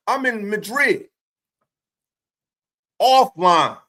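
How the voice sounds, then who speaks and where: A man's voice: high voice, expressive, very slow, fairly bright tone. A man hosting his own stream, delivering a profane, confrontational rant full of taunting rhetorical questions. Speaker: streamer host.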